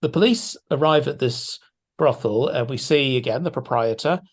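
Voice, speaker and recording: A man's voice: mid-range voice, normal speed. A man guest discussing a film in a casual podcast chat, thoughtful and hesitant with frequent restarts.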